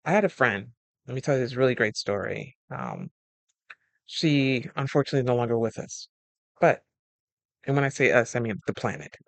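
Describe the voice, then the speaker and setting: This life coach's voice is mid-range with vocal fry, a slightly quick pace, and long pauses, recorded with no echo. In a relaxed monologue about friendship, he animatedly recounts stories, voices his friends' lines, and laughs a lot.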